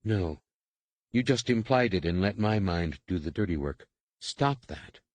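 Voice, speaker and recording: A man's voice: low-pitched, lively intonation, no room sound. A man voicing a stern, clipped overseer woman. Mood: stern, instructing. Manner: clipped, commanding, measured. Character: stern female alien slave overseer, curt. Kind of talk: audiobook character reading.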